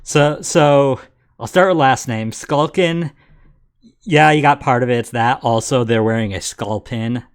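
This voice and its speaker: A man's voice: medium pitch, measured pace, clear, resonant tone. Laid-back man chatting over game. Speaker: streamer playing a game. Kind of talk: casual chat and reading dialogue aloud. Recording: faint music behind.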